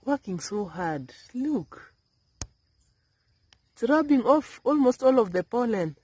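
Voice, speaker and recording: A woman filming her vegetable garden outdoors, talking softly in a half-whisper as she narrates. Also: on the high side, sing-song, slow pace, slightly rough, no room sound. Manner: soft, half-whispered, coaxing. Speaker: gardening vlogger.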